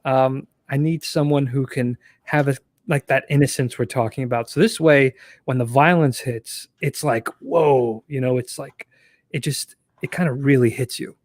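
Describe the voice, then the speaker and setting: A man's voice: mid-range voice, normal speed, no room sound, clean studio sound. A man, a guest writer, talking easygoing and chuckling, with many fillers. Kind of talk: casual interview chat.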